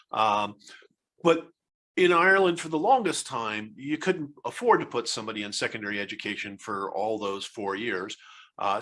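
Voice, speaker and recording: Interview guest: American man, 60s, bright forceful voice, rambling with lots of ums and restarts. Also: medium pitch, breathy edge. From United States. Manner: rambling, hesitant storyteller with many fillers and restarts. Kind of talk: casual interview conversation.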